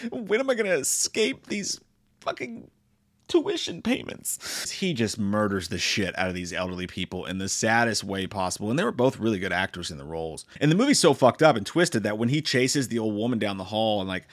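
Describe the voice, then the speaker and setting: A man's voice: fairly low pitch, expressive, fast, hardly any pauses. A young man giving a rambling, joking, profanity-filled movie review.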